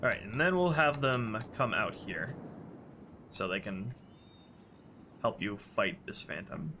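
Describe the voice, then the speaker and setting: A man's voice: lowish voice, slow, a little hiss or hum. A man with a stuffy, congested voice, casually thinking aloud as he edits a game level. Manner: thinking aloud, relaxed and offhand. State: congested sinuses. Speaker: game modder and streamer. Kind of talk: casual commentary while modding a game. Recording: music playing underneath.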